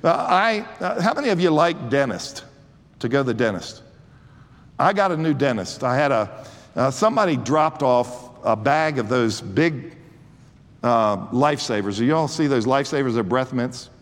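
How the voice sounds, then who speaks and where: A man's voice: medium pitch, lively intonation, moderate pace, long reverb tail. A man in his sixties preaching a sermon, swelling with fervor and often restarting his sentences. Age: 60s. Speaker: pastor.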